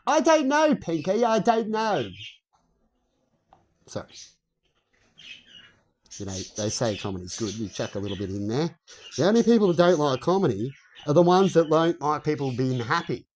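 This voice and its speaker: A man's voice: mid-range voice, big pitch swings, a little fast, pauses often, a little hiss or hum. A man filming a rambling vlog on his phone, swearing, chuckling and asking viewers rhetorical questions. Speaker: vlogger. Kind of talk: rambling casual monologue to camera.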